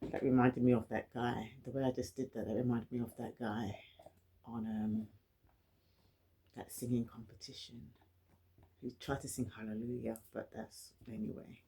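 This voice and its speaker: A woman's voice: very deep voice, flat delivery, normal speed, warm tone, a little hiss or hum. Earnest London woman who stutters. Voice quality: stutters, with frequent repeated words and restarts. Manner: candid, earnest and encouraging, with light laughs. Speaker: vlogger. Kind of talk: personal reflective talk to camera.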